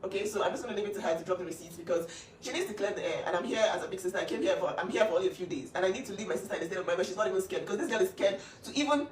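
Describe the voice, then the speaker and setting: A woman's voice: medium pitch, racing, few pauses, darkish tone, echoey room, far from the mic, slight background noise. A woman speaking up for her younger sister in an emphatic, insistent casual talk. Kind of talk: emotional casual talk to camera.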